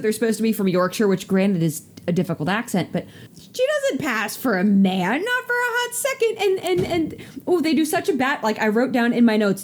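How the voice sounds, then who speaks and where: A woman co-hosting a casual podcast, sarcastic and animated, laughing often. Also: on the high side, normal speed. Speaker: podcast co-host. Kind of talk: casual chat.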